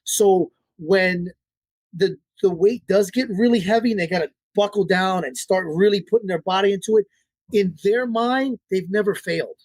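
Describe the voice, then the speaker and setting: A man's voice: high-pitched, normal speed, darkish tone, no room sound. A man, a dog trainer, talking casually and bluntly as an interview guest, swearing and repeating his points.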